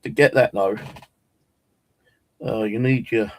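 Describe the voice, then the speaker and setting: Man, paranormal vlogger, gravelly, low, rambling, dry sound. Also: slow pace, dry recording, poor audio. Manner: rambling, hesitant with many ums. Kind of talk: casual app demonstration.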